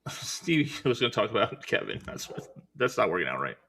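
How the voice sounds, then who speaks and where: Gravelly, blunt male co-host. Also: fairly low pitch, sing-song, brisk, bright, forceful tone. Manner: blunt, needling. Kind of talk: casual chat.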